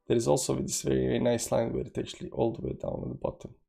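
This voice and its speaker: Fast-talking and flat, a crypto livestream host with a mid-range, creaky, dark voice speaks English with a non-native accent. He wanders casually through trading charts, reading the chat aloud and using lots of fillers.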